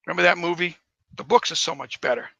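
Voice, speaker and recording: Gravelly guy talking about his books, rambles on, sharp bright voice, dry sound. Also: fairly high pitch, quick pace, no room sound, dull audio. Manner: rambling, enthusiastic storytelling. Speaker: author, interview guest. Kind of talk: casual interview.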